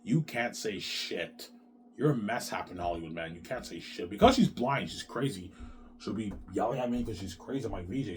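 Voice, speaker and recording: A man with a lowish voice delivers a long, rambling monologue to his viewers. He swears often, circles back to the same points and keeps restarting his sentences. A faint background hum sits under the recording. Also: expressive, brisk. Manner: rambling, repetitive and profane, with frequent restarts. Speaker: vlogger.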